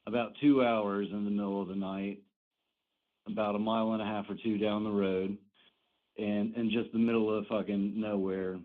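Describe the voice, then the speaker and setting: Laid-back low-voiced man on a phone line. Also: level tone, normal speed. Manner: laid-back, swearing, offhand. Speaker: caller. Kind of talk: phone-in storytelling.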